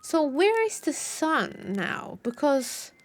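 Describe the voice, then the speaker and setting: A woman's voice: sits high, sing-song, slow pace. A young woman streaming a game live, reacting with giggles and playful exclamations as she plays. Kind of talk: live gameplay commentary.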